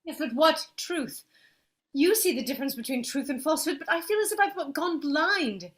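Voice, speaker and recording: A woman portrays an aristocratic lady fearing for her family estate, her voice high and full of feeling. She pleads and frets by turns, all in a stage play. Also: animated, normal speed, fairly bright tone. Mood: pleading. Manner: emotional, pleading.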